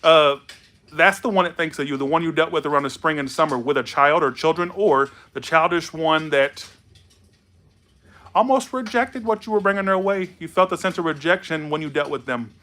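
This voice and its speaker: A man's voice: on the high side, normal speed, bright, forceful tone. A tipsy man doing a loose, rambling, playful tarot reading. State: tipsy from alcohol. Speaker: tarot reader.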